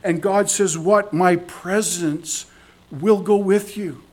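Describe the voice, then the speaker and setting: A man preaching a sermon to his congregation, earnest, repeating phrases for emphasis and dropping from emphatic lines to hushed ones. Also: sits high, fairly even intonation, takes it slowly. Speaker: pastor. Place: church service.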